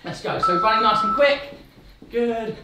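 A woman leading a playful home workout from her living room, calling out quick upbeat cues. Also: mid-range voice, expressive, very noisy. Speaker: fitness instructor. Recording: echoey room, distant mic.

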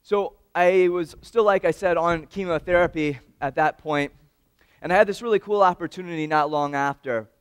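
A man giving a storytelling speech at an awards event, animated and swinging between loud and hushed moments, talking straight to the audience. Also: on the high side, moderate pace, smooth, no echo. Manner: addresses the audience directly.

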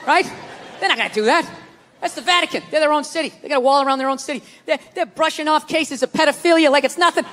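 A man doing a stand-up comedy rant with profane, exasperated delivery and bursts of shouting, on a live stage in front of a loud audience. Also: very high-pitched, quick pace, big-room sound, slight background noise.

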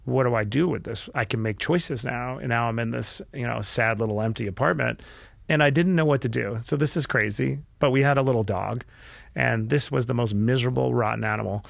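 A middle-aged man, a podcast guest, telling a candid personal story earnestly and with feeling, often restarting his sentences and dropping his voice quietly. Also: mid-range voice, brisk, creaky, no room sound. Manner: earnest and emotional, with frequent restarts and quiet dips.

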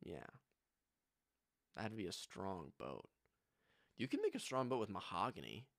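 A man's voice: low voice, big pitch swings, measured pace, vocal fry, no room sound. A young man with a Southern US accent, streaming a casual music reaction with joking, rambling asides. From United States.

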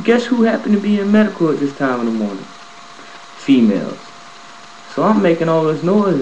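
A man casually telling a personal story to his viewers, animated and profane, acting out the scenes as he goes. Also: fairly high pitch, slight background noise, rough recording. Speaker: vlogger telling a prison story.

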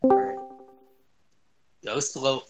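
A young man swearing and yelling his way through a shooter game as a gaming streamer. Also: mid-range voice, very slow, over loud music. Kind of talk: angry gameplay commentary.

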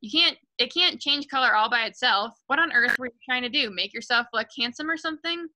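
A woman's voice: a little high, brisk, sharp tone, rough recording. A woman reading aloud, voicing a snobbish mother who shrieks and scolds her husband. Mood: shrieking. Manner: shrieking, scornful. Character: shrill scolding mother, snobbish and sharp-tongued.

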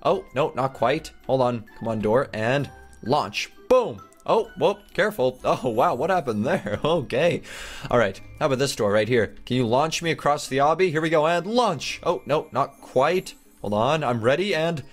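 A young man giving excited game commentary, narrating each move with gasps, laughs and chatter to his viewers. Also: mid-range voice, moderate pace, soft background music. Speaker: gaming YouTuber.

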